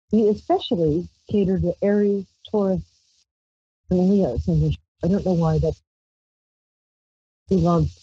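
Husky, chatty New woman host. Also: fairly low pitch, warm tone, no echo. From Brooklyn, New York. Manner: rambling, chatty, playful with squealed exclamations. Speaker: psychic radio host. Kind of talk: casual call-in show chat and tarot reading. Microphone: handheld mic. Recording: dull lo-fi dry stream audio.

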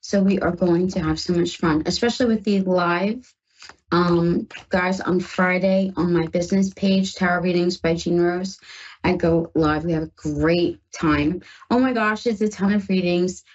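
A woman with a husky, slightly breathy voice hosting a psychic call-in radio show. She chats warmly to her listeners and reads tarot cards for callers. The sound is a little dull and muffled, like a radio broadcast. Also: lowish voice, measured pace. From northern United States. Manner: chatty and reassuring, addresses listeners as guys. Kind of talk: live call-in tarot reading.

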